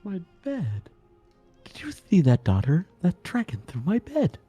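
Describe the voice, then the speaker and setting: A player voicing a sleepy, rage-prone young dragon with loud outbursts. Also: medium pitch, very animated, fairly quick, husky, soft background music. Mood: grumpy.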